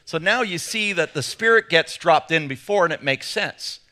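A man's voice: fairly high pitch, lively intonation, moderate pace, pushed and bright. A man with an English accent, preaching an enthusiastic sermon with playful asides. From England. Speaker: pastor.

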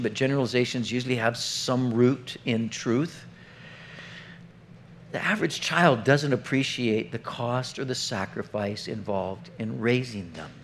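A man's voice: mid-range voice, a little hiss or hum. A middle-aged man preaching an earnest, conversational sermon, often putting questions straight to the congregation. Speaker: pastor.

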